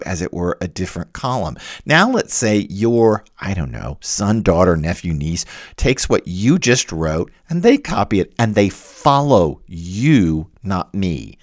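Lecturer, male, lowish voice, dry close sound, explanatory classroom delivery with ums and restarts. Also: no room sound. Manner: explanatory, with fillers and self-corrections. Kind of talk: academic lecture.

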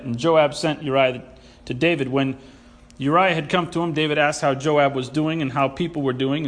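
A man preaching a sermon, animated and sarcastic, who acts out the people he quotes. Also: a little high. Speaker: pastor.

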